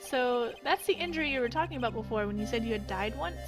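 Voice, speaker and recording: High-voiced woman streaming a game. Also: lively intonation, quick pace. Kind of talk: let's play commentary. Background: game music.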